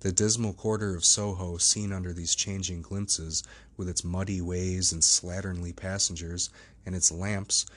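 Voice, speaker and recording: A man narrating a classic novel as an audiobook, in a steady, measured reading. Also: low voice. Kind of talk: scripted narration.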